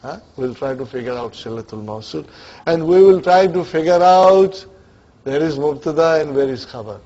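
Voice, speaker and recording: Speaking at a normal pace with lively intonation, a man whose warm voice is on the high side lectures on Arabic grammar. He quizzes the class, checks they follow, and switches between English and Arabic grammar terms. The recording is a dull lo-fi capture of the classroom.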